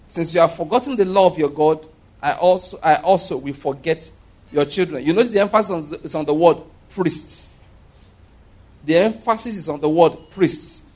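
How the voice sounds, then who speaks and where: A man with a notably high voice preaches a sermon. He reads scripture aloud and stresses key words for emphasis. Now and then he stops short and restarts a phrase.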